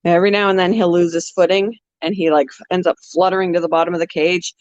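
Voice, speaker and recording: A woman's voice: on the low side, level tone, fast, dry recording. A woman hosting a pet channel, chatting casually on a livestream, laughing often and answering viewer comments. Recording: dull lo-fi sound.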